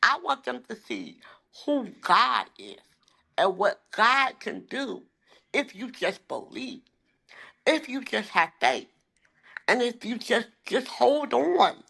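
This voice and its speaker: A life coach in her forties speaks about her faith in candid interview talk, emphatic and heartfelt, now and then seeming close to tears. Her voice is on the high side, bright, tense and sing-song, with gravelly fry at the edges, and she takes it slowly.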